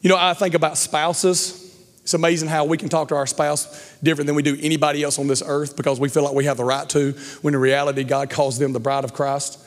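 A middle-aged male pastor preaching a sermon, telling a story with lively acted-out quotes and then speaking to the congregation. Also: a little high, quick pace. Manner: animated storyteller, acts out quotes loudly. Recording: long hall reverb.

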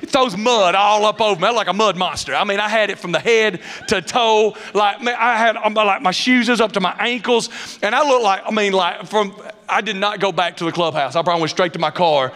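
A man preaching a sermon, telling funny personal stories in an animated way and acting out what people said. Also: high voice, fairly quick. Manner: animated storyteller, dialect grammar, acts out quotes. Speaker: pastor. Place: church sanctuary. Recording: reverberant hall sound.

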